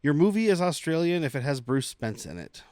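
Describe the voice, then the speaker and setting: A man's voice: a little high, big pitch swings, a little fast, a little mellow, no echo, studio quality. A man hosting a casual film podcast, rambling through asides and laughing often. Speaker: podcast host.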